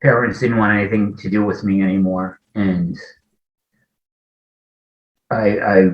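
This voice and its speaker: A man in his forties sharing a personal recovery story in a conversation, talking haltingly, often restarting sentences and acting out remembered dialogue. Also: on the low side, steady tone. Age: 40s. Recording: echoey, muffled lo-fi audio.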